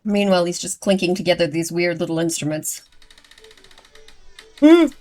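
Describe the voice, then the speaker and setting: A woman's voice: on the low side, faint music behind. A woman hosting a first-time movie reaction, talking casually, gushing and getting worked up, then apologizing for it. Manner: excitable, gushing, quick to apologize. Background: movie audio playing.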